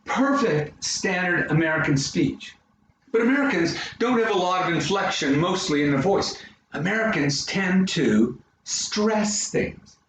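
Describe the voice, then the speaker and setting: Canadian man, speaking coach, dramatic, fairly high voice, very echoey room. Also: lively intonation, unhurried, slight background noise. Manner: dramatic, swoops widely in pitch. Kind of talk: presentation to an audience. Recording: very echoey room, mic far off.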